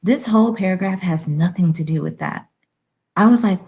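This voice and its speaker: A woman's voice: lowish voice, moderate pace, darkish tone. A woman from Haiti hosting a live stream. She gives blunt, sassy commentary and fires off rhetorical questions. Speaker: livestream commentator.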